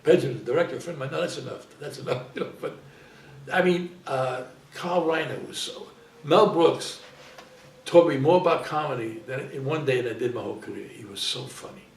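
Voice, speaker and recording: A man's voice: mid-range voice, brisk, vocal fry, far from the mic. An older man, an actor telling rambling anecdotes in a casual interview, repeating and interrupting himself. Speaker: guest actor. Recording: roomy sound from off-mic, faint hiss.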